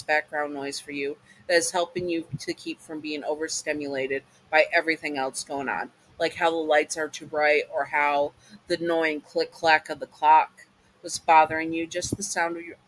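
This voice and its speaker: A man reading a fan fiction comfort story aloud in a casual way, halting often to restart and apologize. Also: on the high side, a bit bright, rough recording.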